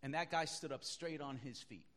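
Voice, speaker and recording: A man preaching a sermon as pastor, emphatic, swinging between quiet talk and loud shouts. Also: medium pitch, normal speed.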